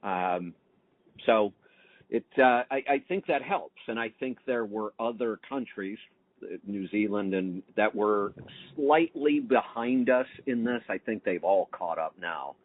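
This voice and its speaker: A man's voice: lowish voice, lively intonation, measured pace, dry recording. A middle-aged man hosting a casual interview, asking questions and sharing opinions in a conversational way. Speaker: podcast host. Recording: tinny phone-line audio.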